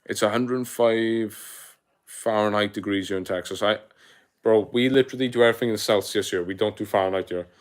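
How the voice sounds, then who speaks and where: A man's voice: lowish voice, brisk. Chatty South Welsh man streaming live. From South Wales. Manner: relaxed, chatty, uses slang like mate and my guy. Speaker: livestreamer. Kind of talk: casual live-stream chat reading comments.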